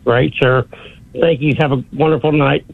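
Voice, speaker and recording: A man's voice: mid-range voice, steady tone, moderate pace, vocal fry, slightly rough. A man calling in to a radio show, asking polite, folksy questions. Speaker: caller. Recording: tinny phone line.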